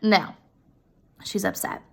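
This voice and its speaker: A woman's voice: slow pace, fairly bright tone. A woman casually retelling a classic story, chatty and openly opinionated about the characters.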